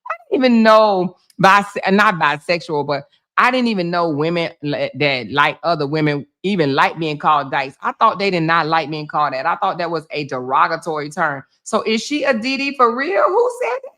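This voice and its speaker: A woman with laryngitis hosting a casual livestream, talking loudly to her viewers, full of laughs and exclamations. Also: sits low, moderate pace. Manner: loud, laughing, animated, talking to chat as "y'all". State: hoarse with laryngitis. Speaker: livestream host.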